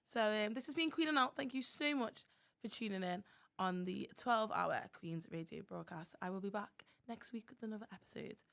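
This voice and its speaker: Young woman radio host, chatty and playfully boastful, with a gravelly fry in her voice. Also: mid-range voice, moderate pace, fairly bright tone. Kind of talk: casual radio chat.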